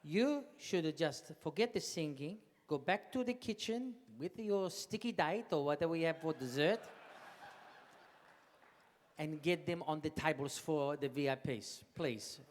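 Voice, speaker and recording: A man playing an excitable, bossy Italian waiter with a put-on Italian accent, teasing and sprinkling in Italian words. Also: on the high side, a little slow. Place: large banquet hall. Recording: reverberant hall, faint noise.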